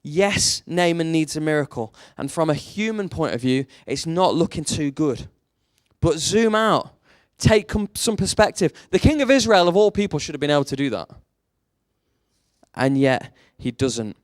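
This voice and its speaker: A man preaching a sermon with animated storytelling that swings between hushed and emphatic. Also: on the high side, normal speed, dry recording, clean studio sound.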